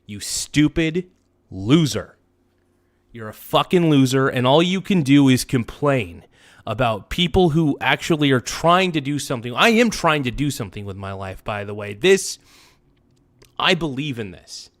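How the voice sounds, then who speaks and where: A worked-up man on a live stream, cursing and circling back over the same grievances. His voice sits at an ordinary middle pitch, dropping to low mutters before it jumps into sharp bursts. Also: animated, normal speed. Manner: heated, profane, repeats himself, swings between muttering and outbursts. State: upset. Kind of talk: angry live-stream rant.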